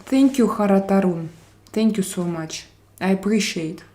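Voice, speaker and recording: A woman's voice: mid-range voice, lively intonation, mellow. A woman from Russia, hosting a casual live-stream chat and greeting viewers by name while switching between English, Spanish and French. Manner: unhurried, drawn-out phrasing.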